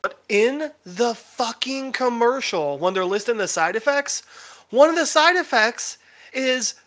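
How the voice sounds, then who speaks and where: A man's voice: very high-pitched, a little slow. Sarcastic man in casual podcast chat. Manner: sarcastic, animated storyteller. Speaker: podcast co-host.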